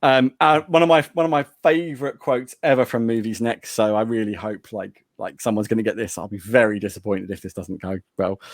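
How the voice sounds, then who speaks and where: A man's voice: fairly low pitch, fairly quick, few pauses, no room sound, studio quality. A man hosting a casual podcast movie quote quiz, playful and teasing. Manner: playful, reads out quotes and teases. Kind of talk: casual chat.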